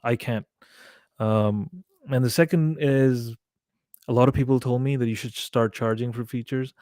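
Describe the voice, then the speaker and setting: A man in a casual podcast chat, telling his story with lively quoted back-and-forth and plenty of swearing. His voice sits at an ordinary middle pitch. The sound is dry and close, with no room echo. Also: measured pace. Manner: animated storytelling, acting out quoted dialogue; frequent swearing. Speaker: guest musician.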